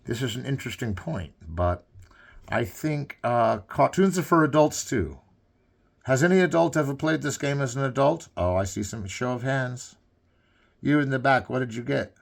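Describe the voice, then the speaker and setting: Rambling stoner cartoon critic, man doing the voice, lively pitch, improvised comedy gameplay commentary. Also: vocal fry.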